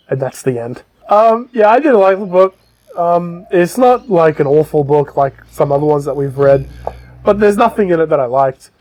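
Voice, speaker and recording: This man, co-hosting a casual podcast in a fairly high, darkish voice, gives a loose retelling of a book's story. He rambles throughout, dropping frequent ums and profanities.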